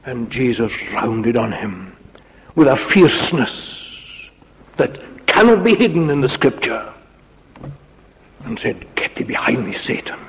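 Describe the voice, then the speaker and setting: A man's voice: mid-range voice, animated, unhurried, husky. A man preaching a sermon dramatically, dropping to a whisper on key words. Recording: lo-fi recording in a reverberant hall.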